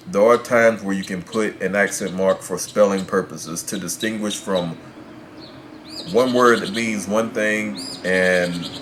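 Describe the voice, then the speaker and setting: Teaching Spanish pronunciation in English, a lowish-voiced man keeps a measured tone, going over his explanations again and recasting them to make them clear. Birdsong and noticeable background noise accompany him.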